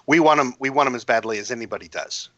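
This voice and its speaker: A woman's voice: extremely low pitch, fast talker, a bit bright, no room sound, dull audio. A man voicing a stern, protective female fighter, scolding her wounded companion in an urgent way.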